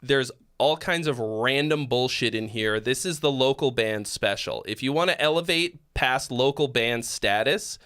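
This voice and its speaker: A man's voice: medium pitch, normal speed, hardly any pauses, fairly bright tone, smooth. A man in his thirties hosting a casual live song-critique stream, giving blunt feedback laced with profanity.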